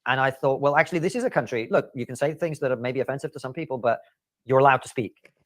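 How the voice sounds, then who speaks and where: Fast-talking man. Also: medium pitch, a bit bright, no room sound. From Soviet Union. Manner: fast, earnest recounting with frequent fillers. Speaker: podcast guest. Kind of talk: interview clip, storytelling.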